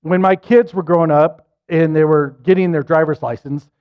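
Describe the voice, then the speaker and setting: A middle-aged man preaching a sermon and telling a personal story, animated and self-deprecating. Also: a little high, normal speed. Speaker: pastor. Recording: muffled lo-fi recording.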